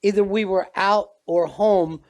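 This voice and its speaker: A man's voice: high-pitched, steady tone, a little slow, darkish tone. An older man hosting a conversational interview, often laughing along and backing up his guest with short affirmations. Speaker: interview host.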